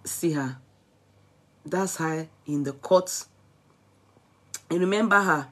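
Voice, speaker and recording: A woman's voice: lowish voice, slow, fairly bright tone. A woman with a Nigerian accent hosting a live stream. She greets viewers by name, chats freely and laughs often as she goes over the news. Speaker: vlog host.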